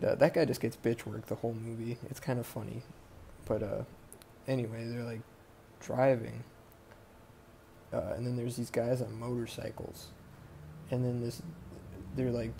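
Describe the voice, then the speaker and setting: A podcast host recaps a movie casually and ramblingly, cursing freely and drifting off track. His mid-range voice is gravelly with a dark tone, and there's a little hiss or hum.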